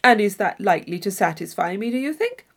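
A woman reading an audiobook, voicing an earnest young gentleman with a mild, reasonable manner. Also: mid-range voice, expressive, fairly quick.

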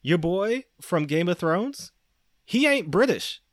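A man hosting a podcast, talking casually and getting animated as he argues a point, often breaking into laughter. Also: slow pace, dry recording, clean studio sound. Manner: animated, laughing, rising pitch when worked up. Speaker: podcast host.

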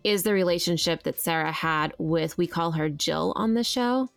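A woman's voice: on the low side, moderate pace, creaky. A woman co-hosting a podcast, chatty, with blunt asides in casual conversation. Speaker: podcast co-host. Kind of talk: casual chat.

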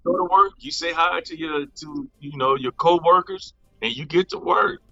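Bright, animated man telling set stories. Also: a little high, moderate pace, no echo, dull audio. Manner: animated, acts out quotes in raised voices, laughs often. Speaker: actor, interview guest. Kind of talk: casual interview storytelling.

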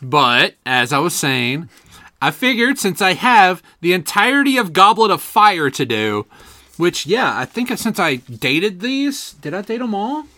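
A man co-hosting a podcast, telling stories in animated, casual, profane banter. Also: high-pitched, measured pace, dry recording, clean studio sound. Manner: animated storyteller, swearing, laughing often. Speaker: podcast co-host.

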